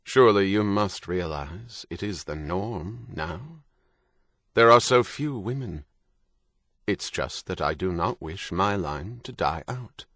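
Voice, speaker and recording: A man reading aloud voices an older admiral who speaks in a measured, formal way. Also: sits low, animated, fairly bright tone, no room sound, studio quality, heavily acted.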